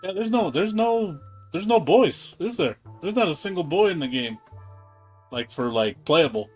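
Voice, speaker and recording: A man's voice: sits high, lively intonation, moderate pace, husky, soft background music. A man streaming a game in a casual chat, laughing often and rambling with repeated words.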